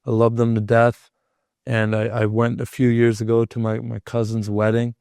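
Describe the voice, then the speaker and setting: A man's voice: mid-range voice, completely flat delivery, normal speed, creaky, darkish tone, clear, resonant tone, dry recording, studio quality. A man from Canada hosting a podcast, telling a personal story in a loose, chatty way and filling his talk with "like.". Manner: loose and chatty, leans on filler "like". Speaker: podcast host. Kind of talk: casual conversational storytelling.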